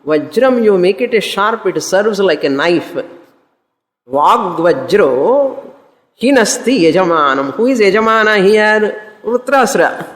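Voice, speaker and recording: A woman's voice: medium pitch, animated, moderate pace, long reverb tail. A woman teaching a scripture class, explaining Sanskrit verses word by word, repeating terms and slipping into Tamil. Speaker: Vedanta teacher.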